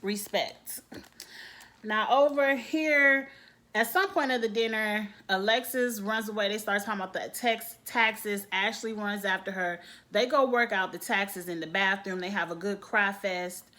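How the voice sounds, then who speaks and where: A woman's voice: medium pitch, steady tone, a little slow, bright, forceful tone. A woman, giving a casual, opinionated recap of a reality show and acting out the people she quotes. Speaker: TV show reviewer.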